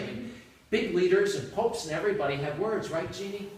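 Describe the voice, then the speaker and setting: A man's voice: high voice, brisk. Priest guy chatting thru a homily, jokey, voice bouncing round a big echoey room, mic kinda far off. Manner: conversational, joking, with rising emphatic asides. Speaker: Catholic priest. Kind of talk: informal homily. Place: church hall with a gathered congregation.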